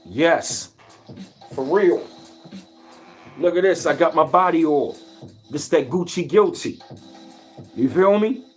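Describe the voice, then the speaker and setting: A man's voice: fairly high pitch, slow pace, long pauses, soft background music. A man talking boastfully in a casual vlog monologue. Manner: boastful, animated street talk with repeated slang. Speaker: vlogger.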